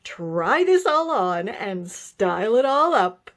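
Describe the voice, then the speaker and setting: A woman's voice: mid-range voice, sing-song, slow, a bit bright, roomy sound, a little hiss or hum. A woman hosting a DIY clothing refashion vlog, gushing enthusiastically about her finished project. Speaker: DIY refashion vlogger and host. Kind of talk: upbeat craft vlog.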